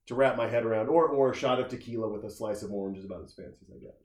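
A man's voice: on the low side, very fast, darkish tone. A man hosting a podcast, telling stories in a rambling, casual way with lots of restarts and fillers. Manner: rambling storyteller, many restarts and filler words. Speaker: podcast host. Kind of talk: casual chat. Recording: echoey room.

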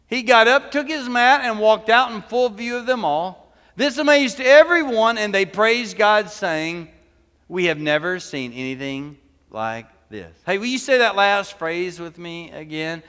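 Bright high-voiced man preaching in reverb. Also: a little slow, clean tone. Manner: conversational preaching with humorous asides. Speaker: pastor. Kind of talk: sermon. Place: church sanctuary. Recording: long church reverb.

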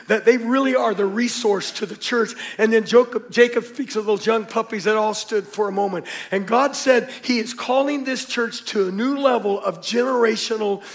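A middle-aged man preaching with a high, light voice. He tells his stories with energy, hushing some lines almost to a whisper and shouting others as he plays the people in them. This is a pastor at the pulpit in full storytelling mode. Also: vocal fry. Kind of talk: sermon.

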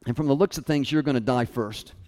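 A man's voice: mid-range voice, fast. Man preaching in a reverberant hall. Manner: storytelling with lively quoted voices. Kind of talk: sermon.

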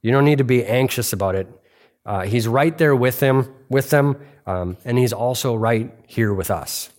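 A middle-aged male pastor preaching in an earnest, conversational way. His voice sits at an ordinary middle pitch, and he often restarts a line or repeats a phrase for emphasis. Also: normal speed, darkish tone. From United States. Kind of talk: sermon.

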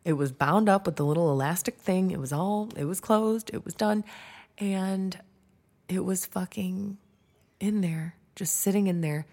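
Young woman, low voice, chatty storyteller who curses and rambles with fillers. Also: a little slow, a little mellow. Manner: chatty, swears freely, lots of fillers and restarts. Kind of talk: casual storytime monologue.

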